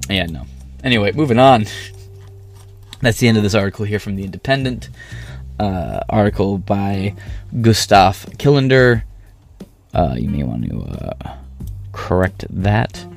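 A man's voice: on the low side, big pitch swings, a little slow, gravelly, pauses often, soft background music. A man casually reading news articles aloud and breaking in with sarcastic, profane asides. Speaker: political commentary streamer.

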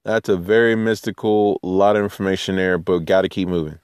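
A man teaching scripture in a casual way, reading verses slowly and then joking about them in playful voices. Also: sits low, steady tone, a little mellow, smooth, dry recording, studio quality. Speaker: Bible teacher.

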